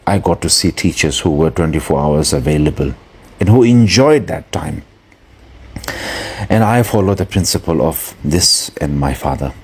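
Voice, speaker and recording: A man giving an earnest spoken dharma talk as a Buddhist teacher, pausing often to search for his words. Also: deep voice, a little mellow.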